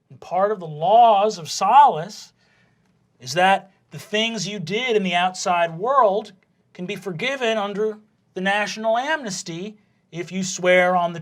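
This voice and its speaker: Brief: man doing a gruff, folksy coach who lectures his players plainly. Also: medium pitch, close to an everyday voice. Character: adult male sports coach, blunt and gruff.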